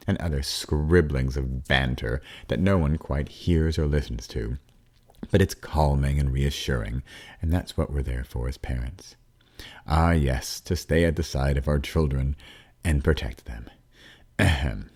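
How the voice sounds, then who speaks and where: A man narrating an audiobook as a father, with a warm storytelling manner, wry asides and the odd dip into a whisper. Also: a bass voice, unhurried, slightly rough.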